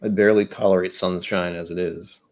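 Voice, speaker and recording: A man's voice: deep voice, steady tone, fairly quick. A man from the United States hosting a casual whiskey livestream, chatty, rambling and self-deprecating as he reads chat aloud. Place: indoors at home.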